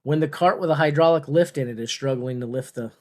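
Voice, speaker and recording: A man chats through a strongman contest as host of a watch-along, joking and wandering off into playful asides. His voice sits a little high for a man. The talk is loose and casual, like live commentary to viewers. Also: fast, a little mellow. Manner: playful, jokey, rambling asides.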